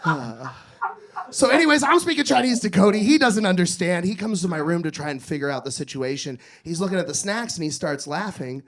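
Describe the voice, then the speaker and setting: A young adult man telling crude, animated stories during a stand-up comedy set on a club stage. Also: high-pitched, a little fast.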